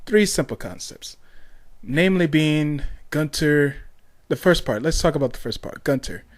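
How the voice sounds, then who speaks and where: A man's voice: on the high side, expressive, normal speed. A young man hosting a casual solo podcast, rambling along with lots of ums, restarts and tangents. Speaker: podcast host.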